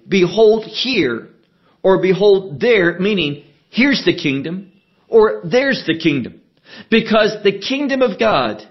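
A man teaching a sermon verse by verse, deliberate and emphatic, asking rhetorical questions as he explains the text. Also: high-pitched, lo-fi sound. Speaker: Bible teacher.

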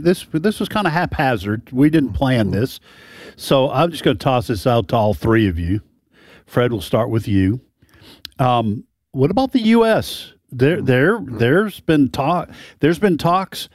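A man hosting a casual panel discussion, talking in a halting way with frequent restarts. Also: mid-range voice, big pitch swings, dry recording, studio quality. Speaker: talk show host.

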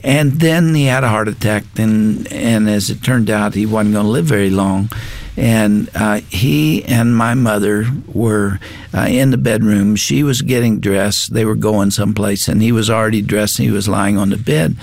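A man's voice: fairly low pitch, moderate pace, gravelly, darkish tone. An older man, a guest on a Christian talk show, telling a personal testimony in an earnest, reflective way.

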